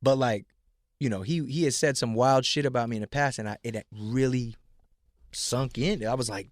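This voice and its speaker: A man as a podcast guest, telling animated stories with lots of swearing and acted-out quotes. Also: mid-range voice, moderate pace, dry recording, studio quality. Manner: animated storyteller, heavy swearing, acts out quotes. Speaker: guest rapper. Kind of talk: casual interview chat.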